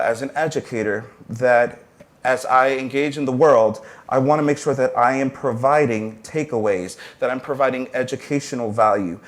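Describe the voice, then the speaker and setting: Male professor, panel guest; earnest, motivational delivery, mid-range voice. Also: mid-range voice. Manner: earnest, motivational, with brief restarts. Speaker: panelist, arts entrepreneurship professor. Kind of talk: panel discussion talk.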